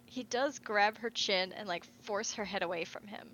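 A woman co-hosting a casual fan podcast, retelling game scenes in an animated way and quoting the characters. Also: mid-range voice, normal speed, a little hiss or hum, rough recording. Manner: animated storytelling, quotes characters in asides. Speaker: podcast co-host.

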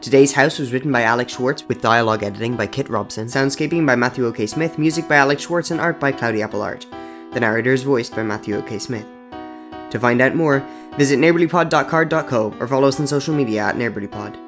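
Man, scripted narration, dry and measured, medium pitch, faint music. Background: soft music.

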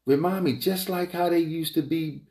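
A man giving a rambling opinion monologue, emphatic and repetitive, wandering off on tangents and climbing high in pitch when he gets heated. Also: moderate pace, dark tone. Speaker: entrepreneur vlogger. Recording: roomy echo.

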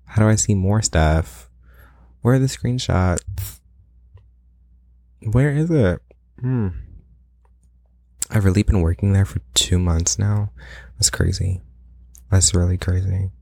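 A man's voice: low-pitched, takes it slowly, vocal fry, pauses often, warm tone, dry recording. A young man hosting a solo podcast in a casual, rambling way, playfully boastful and full of dramatic asides. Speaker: podcast host.

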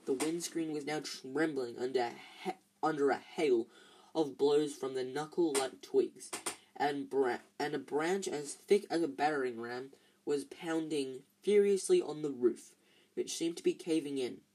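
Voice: medium pitch, a little slow, a little mellow. An amateur reader, tired, reading a novel aloud with frequent slips and restarts. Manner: stumbles and restarts often, tired.

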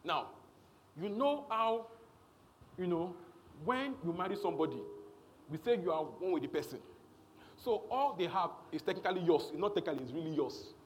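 Guy preaching, high voice that jumps all over, keeps asking do you understand. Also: expressive, moderate pace, pauses often, slight background noise. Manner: emphatic, repetitive preaching with call-outs to the congregation. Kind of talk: sermon.

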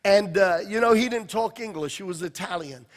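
A high-voiced male pastor delivers a sermon in a church sanctuary, his voice carrying a long hall reverb. He tells stories with passion, pushing hard on some lines and dropping almost to a hush on others. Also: normal speed. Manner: passionate storytelling preacher, swinging from loud to hushed.

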